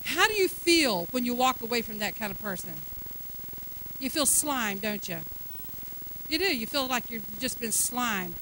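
A woman preaching a sermon, chatty and folksy at first, then rising to loud, fervent declarations. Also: fairly high pitch, animated, unhurried, a little hiss or hum, low-quality recording.

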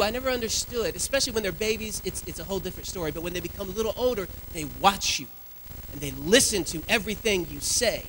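A man in his thirties preaches in a church, his voice high and bright with a forceful edge. He tells lively family stories as he preaches, and faint background noise sits under his voice. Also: rough recording. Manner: lively storytelling with family anecdotes. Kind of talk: sermon. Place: church sanctuary.

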